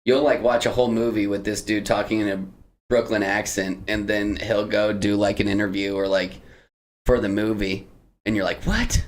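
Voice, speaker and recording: A man with a fairly low voice chats casually about movies on a podcast. He rambles along loosely, padding his sentences with filler words. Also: level tone, moderate pace. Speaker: podcast co-host.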